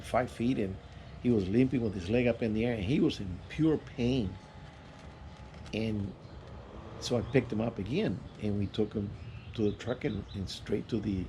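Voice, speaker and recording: A man telling a personal story in a casual, rambling way, with halting restarts and fillers. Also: lowish voice, background noise. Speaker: vlogger.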